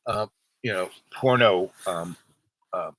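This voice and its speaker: A man spins a long, meandering story, stopping and restarting often. His voice sits a bit low but rings bright and forceful. The sound is dry and close. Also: slow, no room sound, poor audio. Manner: meandering, full of fillers and restarts; acts out other people's lines with a raised voice. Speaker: vlog host telling a personal story. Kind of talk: rambling casual storytelling.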